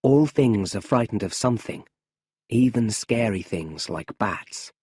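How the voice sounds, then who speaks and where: A man's voice: lowish voice, lively intonation, unhurried, a little mellow, husky, dry recording, studio quality. A man reading a story aloud for English learners, in a careful storybook manner. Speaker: audiobook narrator. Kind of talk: slow scripted narration for English learners.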